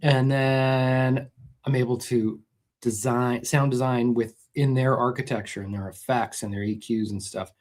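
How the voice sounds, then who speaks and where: A middle-aged man hosts a live guitar chat in an easygoing voice of middling pitch. He answers viewers' comments and walks through gear explanations at a loose, conversational pace, often stopping to restart a sentence. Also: a little slow. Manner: relaxed and explanatory, with many restarts. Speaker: host of a guitar livestream.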